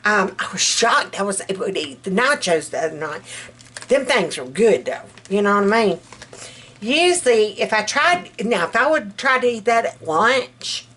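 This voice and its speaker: Chatty Alabama woman, lively voice. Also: medium pitch, moderate pace. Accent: Southern US, Alabama. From South Alabama, US. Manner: chatty and folksy, calls viewers girl and baby. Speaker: home cooking vlogger. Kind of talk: casual chat.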